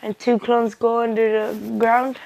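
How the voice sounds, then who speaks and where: Slow halting young female storyteller. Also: on the high side, gravelly, slight background noise, rough recording. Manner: halting, many fillers and restarts, excited during fights. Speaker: fan storyteller. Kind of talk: improvised fan story retelling.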